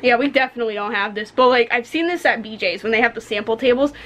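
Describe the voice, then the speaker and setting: A woman's voice: fairly high pitch, quick pace, slight background noise. A young woman in her twenties, a podcast co-host, ranting bluntly and with plenty of swearing in casual talk. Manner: blunt, profane, animated storytelling. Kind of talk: casual rant.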